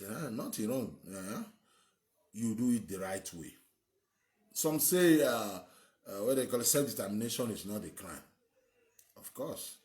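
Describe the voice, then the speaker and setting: Nigerian man, host, lively rising-and-falling delivery, repeats himself for emphasis, opinion piece. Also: mid-range voice. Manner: emphatic, repetitive, rambling. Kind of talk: opinionated monologue.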